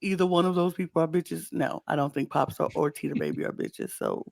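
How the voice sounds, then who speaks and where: Gravelly-voiced podcast host, lively and laughing. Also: medium pitch, brisk. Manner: animated, laughs often, acts out quotes. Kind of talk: casual chat.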